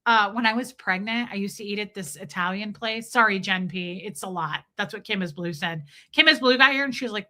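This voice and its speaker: Bright-voiced woman hosting a playful stream. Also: medium pitch, brisk, few pauses. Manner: playful and animated, breaks into bits of song and mock voices; swears freely. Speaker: livestream host reading viewer super chats. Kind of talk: casual chat.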